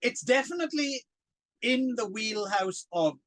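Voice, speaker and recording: A lively high-voiced man chatting casually. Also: a little slow, dry recording. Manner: chatty and animated, laughs often. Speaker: podcast co-host. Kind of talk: casual film review chat.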